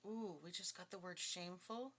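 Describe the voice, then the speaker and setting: A woman's voice: fairly low pitch, moderate pace, a bit bright. A woman giving a casual tarot reading, chatty and blunt, breaking into giggles and swearing now and then. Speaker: tarot reader.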